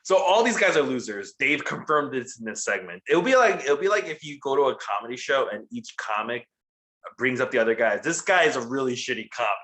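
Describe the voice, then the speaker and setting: Guy cohosting a wrestling recap, bright voice, lots of swing in his pitch, laughs a lot and swears. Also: very animated, a little fast. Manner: profane, mocking, laughs often, does sarcastic impressions. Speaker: podcast co-host. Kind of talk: casual wrestling recap chat.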